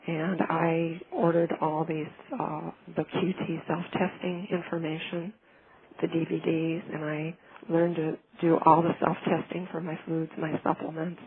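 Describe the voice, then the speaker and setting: This woman's healing testimonial as a client comes across warm and earnest, told casually but haltingly, with many restarts and fillers. She speaks in a low, level voice over a lo-fi, phone-like recording with faint noise.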